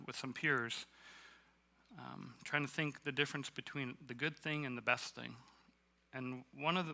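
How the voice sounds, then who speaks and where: A man from Canada giving a casual, halting sermon at a church, self-deprecating and full of fillers. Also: medium pitch, gravelly, bright, forceful tone. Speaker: guest preacher. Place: church hall.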